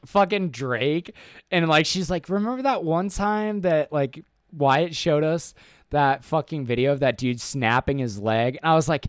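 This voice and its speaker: A man's voice: on the high side, normal speed, no echo, studio quality. A young man co-hosting a casual podcast, swearing often and acting out quotes as he tells stories. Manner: profane, animated storytelling with loud acted-out quotes. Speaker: podcast co-host. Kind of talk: casual chat.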